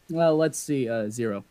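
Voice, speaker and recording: A man's voice: mid-range voice, dark tone, no echo. A man guest in a casual group chat with a dry, jokey way of speaking. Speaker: voice actor guest.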